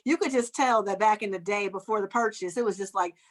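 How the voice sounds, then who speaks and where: A woman's voice: medium pitch, fast. A woman talking animatedly in a casual podcast chat, often laughing and acting out quoted voices. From United States. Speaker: guest author and comedian.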